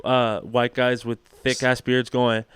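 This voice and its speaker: A man guesting on a comedy podcast, playful and prone to loud put-on voices mid-story. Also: medium pitch, little pitch movement, unhurried, smooth, no echo. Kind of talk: casual comedy podcast chat.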